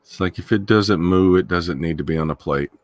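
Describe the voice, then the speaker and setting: A man's voice: low voice, dry recording. A man co-hosting a casual movie commentary, cracking jokes. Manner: slow, jokey, animated delivery.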